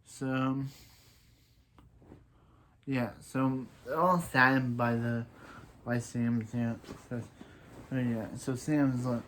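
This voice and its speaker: A man casually recapping a TV season, rambling with lots of fillers and restarts. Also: medium pitch. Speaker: show recap reviewer.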